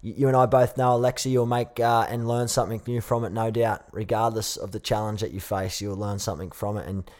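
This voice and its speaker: A man's voice: lowish voice, fairly even intonation, a little fast, hardly any pauses, darkish tone. A man hosting a podcast interview, speaking in a supportive, earnest way with some small stumbles. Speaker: podcast host. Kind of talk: interview conversation.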